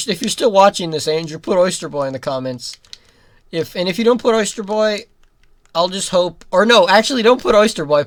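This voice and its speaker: A young adult giving rambling let's-play commentary, breaking into giggles and sudden loud outbursts at the game. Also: mid-range voice, no echo. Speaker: gaming commentator.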